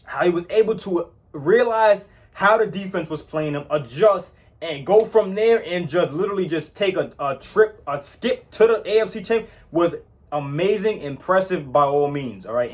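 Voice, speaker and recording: A man's voice: on the high side, expressive, normal speed. A man giving casual football opinions, emphatic and repetitive, often tagging "all right?" onto his points. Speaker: sports commentator. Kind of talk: casual sports opinion talk.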